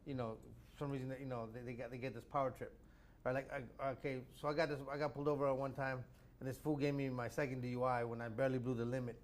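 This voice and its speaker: A young adult man from the United States, a comedian telling a story in casual chat, animated and often repeating words as he stammers. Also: medium pitch, fast. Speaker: comedian guest.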